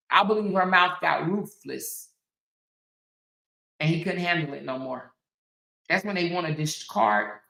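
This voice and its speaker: Emphatic woman with a bright voice. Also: fairly low pitch, vocal fry, roomy sound, poor audio. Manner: emphatic, repeats phrases, frequent "right?". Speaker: commentary host. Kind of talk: opinionated commentary monologue.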